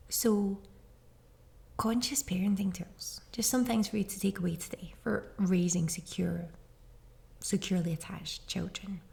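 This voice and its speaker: A woman's voice: mid-range voice, gravelly, darkish tone. A woman in her thirties hosting a podcast, talking casually and reassuringly straight to parents listening. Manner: chatty and reassuring, speaks directly to listeners. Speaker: podcast host. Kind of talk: casual parenting advice monologue.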